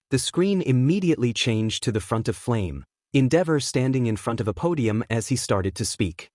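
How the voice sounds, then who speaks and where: A man reads a fan fiction story aloud in a steady, even voice. His pitch sits in the middle range. The sound is dry and close, with no room echo. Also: moderate pace, few pauses. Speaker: narrator. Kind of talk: fan fiction audiobook reading.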